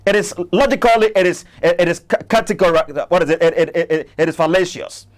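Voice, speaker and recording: High-voiced, stammering man refuting a clip. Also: fairly even intonation, quick pace. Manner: argumentative, stammering, repeats himself. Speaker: Christian apologist channel host. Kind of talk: commentary reacting to a clip.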